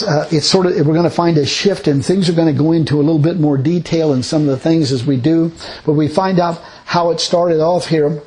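A man's voice: on the high side, darkish tone, poor audio. Rambling man teaching the Bible. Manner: rambling, restarts often, reads scripture aloud.

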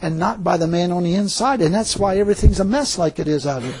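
A man's voice: high-pitched, quick pace, a little mellow, husky. A man preaching a sermon and telling a personal testimony, rambling with many fillers and repeated words.

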